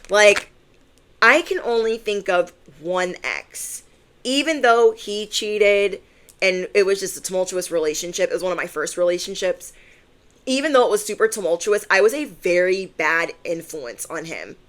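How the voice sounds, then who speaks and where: A young adult woman, a tarot reader, chatting casually to camera, playful and acting out the people in her stories. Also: mid-range voice. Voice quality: animated, playful, acts out voices.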